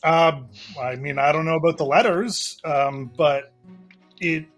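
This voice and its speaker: A man's voice: a little high, steady tone, measured pace, a bit bright, faint music behind. Man, game master, tabletop game, loose hesitant narration.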